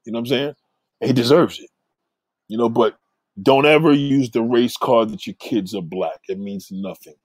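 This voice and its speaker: A man's voice: mid-range voice, normal speed, no echo. A man talking straight into the camera, blunt and profane, rambling as he gives advice. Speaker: vlogger giving advice. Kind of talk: casual monologue.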